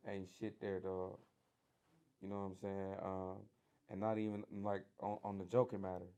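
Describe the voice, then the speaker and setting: A man with a Detroit accent telling his story in a casual interview, animated and slangy, acting out the voices of people he quotes. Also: deep voice, normal speed, clean tone. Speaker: guest sharing his prison story.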